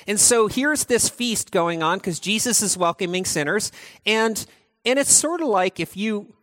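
A man giving a conversational sermon as pastor, talking in an animated, chatty way with frequent restarts. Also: sits high, normal speed, no room sound.

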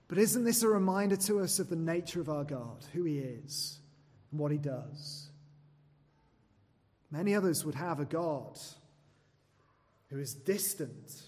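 A man preaching a sermon, earnest and questioning his listeners, sometimes dropping to a soft near-whisper and sometimes rising to loud emphasis. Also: on the high side. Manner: swings between soft, dropped phrases and loud, emphatic ones. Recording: long reverb of a large hall.

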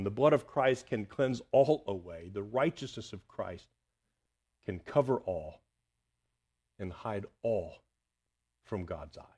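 A man preaching a sermon earnestly, rising to loud emphasis and dropping to hushed, near-whispered lines. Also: fairly low pitch, expressive, takes it slowly, long pauses, breathy edge. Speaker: pastor.

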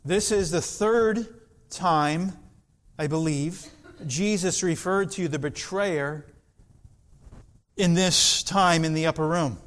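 A man preaching a sermon in an earnest, deliberate way, with dramatic pauses. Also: on the high side, fairly bright tone.

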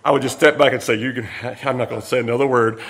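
A man's voice: mid-range voice, steady tone, fast, a bit bright. A man preaching a midweek sermon, folksy and joking as he tells stories to make his point. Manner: folksy, jokey storytelling preacher. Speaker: pastor. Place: church sanctuary. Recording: echoey church room.

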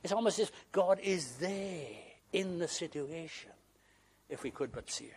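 A man preaching an emotional sermon who swings from raised emphasis to hushed whispers. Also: a little high, moderate pace, slightly rough.

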